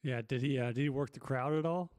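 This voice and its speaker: A man's voice: medium pitch, fast talker, darkish tone, no echo, studio quality. A man hosting a podcast, asking short follow-up questions in casual chat. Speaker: podcast host.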